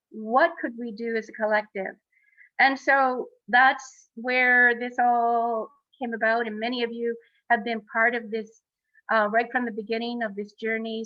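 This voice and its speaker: A woman co-founder speaking on a panel over a video call, in an earnest, halting way with many fillers. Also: a little high, dry recording, lo-fi sound. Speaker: exhibition co-founder.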